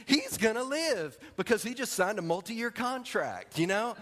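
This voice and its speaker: A man preaching a sermon, telling a story in an animated way and acting out its scenes. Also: high voice, moderate pace. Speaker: pastor. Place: church sanctuary. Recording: long hall reverb.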